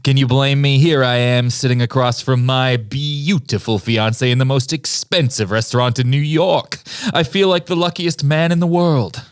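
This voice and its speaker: A man's voice: mid-range voice, fairly even intonation, normal speed, smooth, no room sound, studio quality, pitched above the performer's own voice, natural voice. A man reading the part of a smitten, suave leading man from an old film in a comedy script reading, in a theatrical, romantic way. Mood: adoring.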